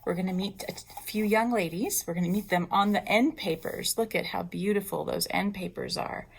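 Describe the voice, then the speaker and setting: A woman librarian leading a storytime for young children, talking in an expressive, teacherly way. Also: mid-range voice, normal speed, creaky, husky.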